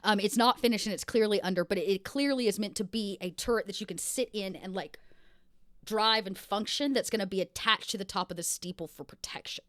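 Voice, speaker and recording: Woman gm chatting through the story, mid pitch, dry close sound. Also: fairly quick, fairly bright tone, no room sound. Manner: chatty, laughing narration. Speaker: game master. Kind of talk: narrating a tabletop game.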